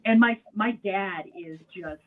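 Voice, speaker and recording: A man co-hosting a podcast, speaking in casual chat, earnest and grateful, often trailing off softly. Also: sits high, measured pace, narrow, tinny audio. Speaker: podcast co-host.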